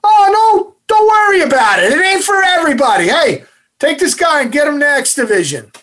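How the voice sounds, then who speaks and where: Barking drill instructor, put on by a man, husky, commands rising high and loud. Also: expressive, unhurried, exaggerated voice. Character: barking male drill instructor, harsh and mocking.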